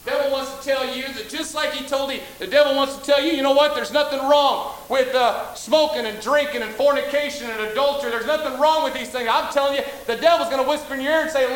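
A man preaching a sermon with passion, repeating phrases and swinging between loud and soft. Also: very high voice, fast, reverberant, poor audio.

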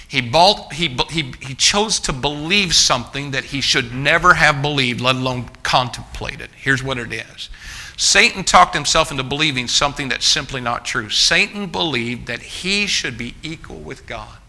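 A man's voice: mid-range voice, lively intonation, moderate pace, sharp tone. A man preaching a sermon to a live congregation in a church. He speaks emphatically, often restarts his phrases and keeps calling out to the listeners as folks. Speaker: pastor.

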